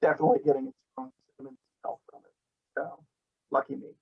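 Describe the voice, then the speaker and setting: A man's voice: a little high, sing-song, quick pace, husky. A man hosting a spicy food challenge in casual on-camera chat, joking and sometimes talking with his mouth full. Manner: chatty, jokey, talks with his mouth full. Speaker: show host. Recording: dull lo-fi audio.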